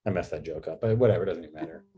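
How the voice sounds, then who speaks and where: Man, stand-up comic, video call, rambling, filler-heavy, low mellow voice. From New York. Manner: rambling, halting, lots of fillers and restarts. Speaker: stand-up comedian.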